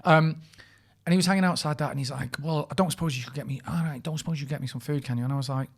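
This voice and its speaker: A man's voice: a little high, racing. A man co-hosting a podcast, telling stories in casual chat, laughing often and mimicking the people he quotes. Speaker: podcast co-host.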